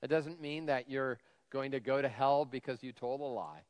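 A man's voice: medium pitch, moderate pace, darkish tone. Man preaching in an echoing church. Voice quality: whiny voice. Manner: self-deprecating humor, frequent fillers. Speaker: lead pastor. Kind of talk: conversational sermon. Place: church sanctuary. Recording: long hall reverb.

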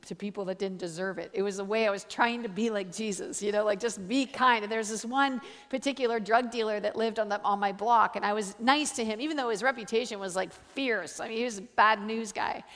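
A woman guest speaker giving a sermon, telling a story in a lively, chatty way full of fillers. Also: fairly high pitch, big-room sound.

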